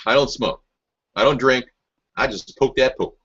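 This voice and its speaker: A man's voice: mid-range voice, normal speed, sharp tone, lo-fi sound, slight background noise. A man hosting a rambling political talk show, answering live chat in a combative, mocking and sarcastic way.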